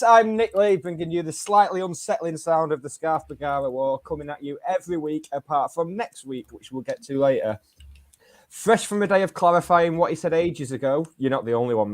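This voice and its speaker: Dry-witted male podcast co-host. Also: fairly high pitch. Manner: dry, wry humour. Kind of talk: casual football chat.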